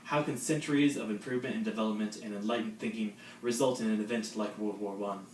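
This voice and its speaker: A man's voice: on the low side, steady tone, fast, darkish tone, distant mic. A teenage boy presents a school history project with dry, joking asides. He sits back from the mic in an echoey room. Faint background noise runs underneath. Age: late teens. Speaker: student presenter.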